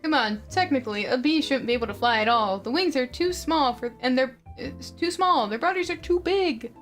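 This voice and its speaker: A woman's voice: high voice, moderate pace, fairly bright tone, soft background music. A woman voicing a dismissive grown man, a lawyer, in a read-aloud storybook, scornful and condescending.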